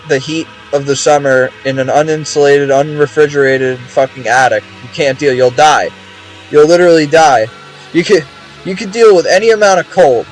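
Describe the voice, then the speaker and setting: A man's voice: fairly high pitch, poor audio. Rambling, swearing young man. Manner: rambling, profane, repeats words. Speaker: game streamer. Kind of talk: casual stream chat.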